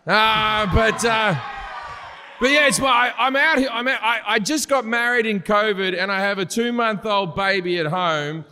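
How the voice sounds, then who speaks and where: A man with a bright, fairly high voice who rambles through his stories, blunt and crude, and laughs at his own lines. The long reverb of a live venue trails after each phrase. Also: moderate pace, clean tone. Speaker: guest comedian. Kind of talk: live podcast storytelling.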